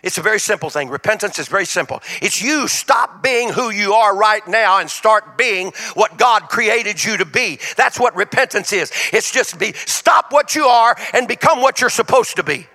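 Give me a man preaching a folksy sermon with a bright, sharp tone. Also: sits high, lively intonation, normal speed, hardly any pauses. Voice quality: folksy, plain-spoken preaching with colloquial grammar. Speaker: guest preacher. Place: church sanctuary. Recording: long reverb of a church hall.

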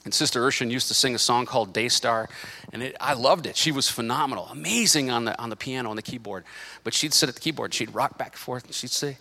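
A middle-aged male pastor preaching a sermon in church, animated, swinging between loud bursts and quiet asides, with joking side remarks. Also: mid-range voice, fast, long reverb tail. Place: church sanctuary.

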